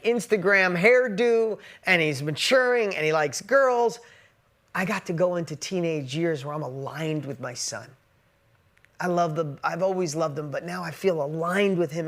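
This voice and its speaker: Emotional man giving a motivational talk. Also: high-pitched. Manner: emotional, swings from loud emphatic to quiet. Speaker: business speaker.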